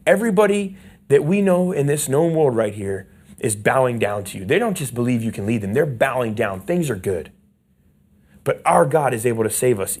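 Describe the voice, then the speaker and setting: A man preaching a sermon as pastor, passionate and emphatic, leading the congregation to repeat lines back. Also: fairly high pitch. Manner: passionate preaching, leads call-and-response; swings from hushed asides to loud emphatic lines. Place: church sanctuary.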